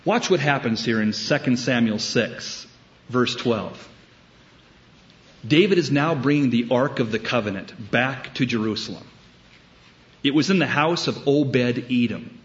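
A man preaching a sermon, telling a story with wry humor and deliberate emphasis. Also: medium pitch, dull audio. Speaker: pastor.

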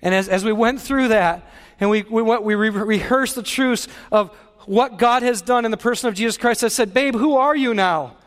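A man's voice: high voice, steady tone, moderate pace, fairly bright tone, long reverb tail. A male pastor preaching a sermon with passionate, emphatic delivery.

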